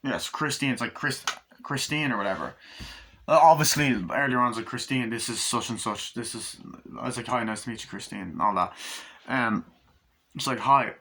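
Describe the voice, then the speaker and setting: A man rambles through a casual movie review in a bright, forward voice. He keeps slipping into quick impressions of the characters' lines. He swears freely as he goes. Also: medium pitch. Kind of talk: casual film review, retelling scenes.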